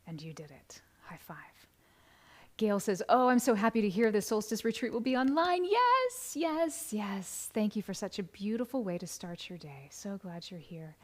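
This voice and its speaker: A woman hosting a live stream, reading viewer comments aloud in a soft voice that often drops to a whisper, with bursts of laughter and sung birthday greetings. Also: medium pitch, expressive, normal speed. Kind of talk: live stream chat, gentle and affirming.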